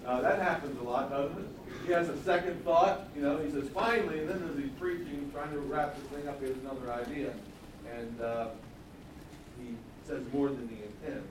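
A man teaches a sermon in a chatty, questioning way, now and then rising into loud, emphatic repetition. His voice sits a little high. The recording is very echoey, with the speaker some distance from the mic in a church hall and faint noise behind him. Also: normal speed. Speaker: pastor.

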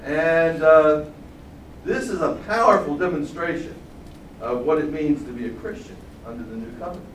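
An older man preaching a sermon, swinging from loud exclamations to quiet asides. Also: on the high side, moderate pace. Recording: roomy sound from far off the mic, faint hum.

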